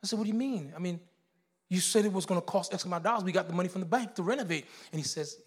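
A man, preaching a sermon as pastor, telling a story in hushed tones and building to shouted exhortation. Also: sits high, very fast, husky, in a large hall.

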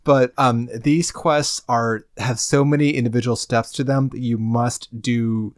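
A man's voice: mid-range voice, fairly even intonation, measured pace, dry recording. A man co-hosting a podcast, adding wry, dry commentary on a game's quests. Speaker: podcast co-host. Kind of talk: casual game recap chat.

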